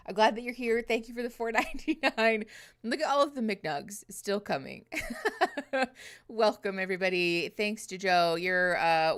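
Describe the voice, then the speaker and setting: A woman's voice: fairly low pitch, clean tone. Giggly, chatty woman streamer. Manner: chatty, giggly, swears casually, lots of "like" fillers. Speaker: livestream host. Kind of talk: casual livestream chat with viewers. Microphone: close desk microphone.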